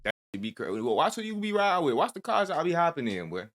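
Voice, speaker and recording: A man's voice: fairly high pitch, sing-song, quick pace, a bit bright. A man hosting a reaction video, chatting casually in heavy slang with bursts of disbelief.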